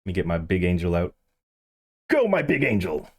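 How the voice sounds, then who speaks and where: A man's voice: sits low, normal speed, husky. A man streaming a game, chatting casually and animatedly to the players with him. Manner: animated, yelps and laughs, chats to other players.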